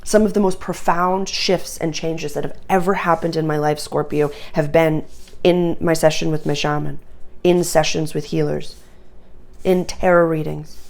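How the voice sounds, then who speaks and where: A woman's voice: low-pitched, fairly even intonation, moderate pace, vocal fry, a little mellow. A woman giving a channeled tarot reading to camera, urgent, emotional and earnest, with many fillers. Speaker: astrology and tarot reader.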